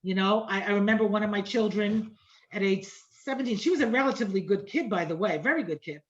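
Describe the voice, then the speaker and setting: A middle-aged woman with a mid-range voice talks fast while teaching an online Torah class as an informal lecture. She keeps it conversational, repeats phrases, and checks in with listeners by asking "right?" a lot. The audio is dull and lo-fi, typical of an online class.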